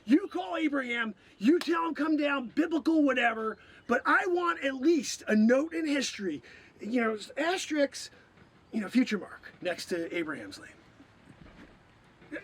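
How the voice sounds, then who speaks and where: A man hosting an improvised comedy stream, sounding a bit hoarse, swinging from mock-outraged shouting to low muttering. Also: lively intonation, normal speed, a little hiss or hum. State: hoarse, losing his voice.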